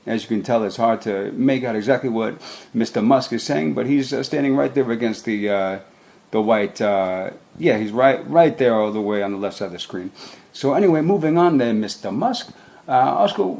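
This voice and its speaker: A man's voice: medium pitch, normal speed, gravelly, darkish tone. A man improvising a rambling, slangy comedic rant as host, mock-interviewing someone.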